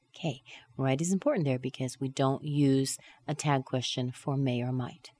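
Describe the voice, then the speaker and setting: Low-pitched woman teaching. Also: a little mellow. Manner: clear, deliberate model sentences with exaggerated intonation. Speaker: English pronunciation teacher. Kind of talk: recorded lesson.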